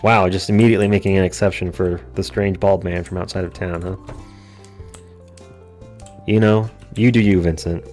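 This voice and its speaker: Deep-voiced male let's play host, casual and jokey, faint music under him. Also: fairly even intonation, moderate pace, pauses often, darkish tone. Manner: jokey, self-deprecating asides. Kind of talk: casual gameplay commentary.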